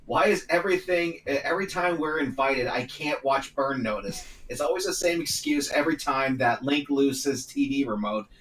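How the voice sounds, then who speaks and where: A man's voice: mid-range voice, a bit bright. Stumbling man reading in an echoey room. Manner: stumbling, halting reading with restarts. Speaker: talk show host reading a story aloud. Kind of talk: casual group chat, reading aloud. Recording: roomy echo, distant mic, faint noise.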